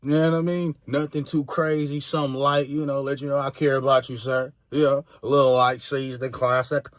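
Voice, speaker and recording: A man's voice: mid-range voice, flat delivery, fairly quick, no room sound. Chill guy rambling, says you know a lot, laughs big, dry close sound. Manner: laid-back, rambling, many "you know"s, laughs loudly. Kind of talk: casual commentary.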